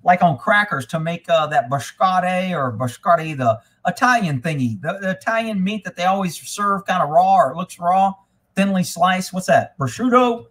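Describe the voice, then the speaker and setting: A man hosting a casual live stream, rambling and swearing freely, getting animated when he retells a story. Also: sits high, normal speed. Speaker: livestream host. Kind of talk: casual livestream chat.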